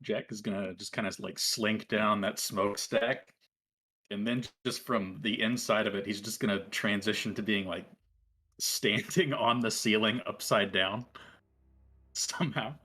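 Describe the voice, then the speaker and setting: A man's voice: on the low side, steady tone, moderate pace, sharp tone. A man playing a tabletop game, describing his character's actions hesitantly with fillers. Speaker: player. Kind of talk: casual tabletop play.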